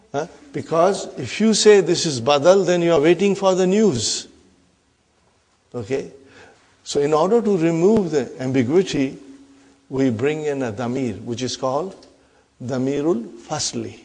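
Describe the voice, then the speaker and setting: A man teaching an Arabic grammar class, slowly reading example sentences, repeating key terms and often checking that the class follows. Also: a little high, a little mellow. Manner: checks understanding with frequent questions.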